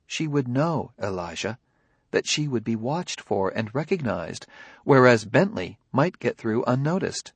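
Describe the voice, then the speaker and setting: A man reading a story, voicing a calm, unemotional robot detective who speaks quietly and politely. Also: medium pitch, a little slow, husky, no echo, heavily acted. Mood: calm reasoning.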